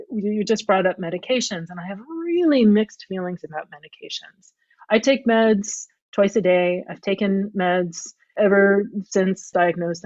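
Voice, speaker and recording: A woman's voice: lowish voice, a little mellow, no echo. Thoughtful middle-aged woman, dry muffled sound. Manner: thoughtful, qualifying herself, frequent "you know" and "I mean". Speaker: graphic novelist and podcast guest. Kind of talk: reflective interview talk.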